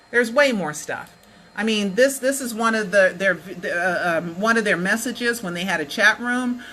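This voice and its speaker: Bright-voiced woman ranting to viewers. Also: medium pitch, slight background noise, low-quality recording. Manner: emphatic, repeatedly asking "Okay?"; colloquial, addresses viewers as "y'all". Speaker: vlogger. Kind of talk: ranting commentary to camera.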